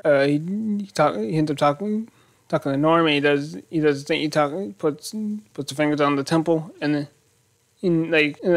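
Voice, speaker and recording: A man hosting his own channel, casually recapping a TV episode in a rambling, animated way, thinking aloud. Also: fairly high pitch, dry recording. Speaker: YouTube show host.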